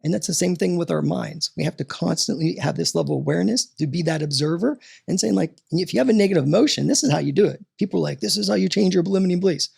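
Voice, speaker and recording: A man talking as a podcast guest and coach, animated and motivational, often tossing in "right?" as he talks. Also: on the high side, fast talker, creaky, hardly any pauses, slightly rough.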